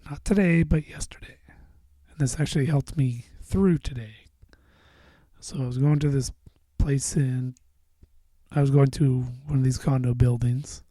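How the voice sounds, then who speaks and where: A man rambles through a casual solo podcast, swearing freely and drifting into mumbles. His voice is deeply dark and mellow, and the sound is close and dry with no room around it. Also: steady tone, a little slow, no echo. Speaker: podcast host.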